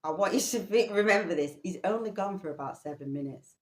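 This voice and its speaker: A woman vlogging a personal story, animated and swearing casually. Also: fairly low pitch, fairly quick, echoey room.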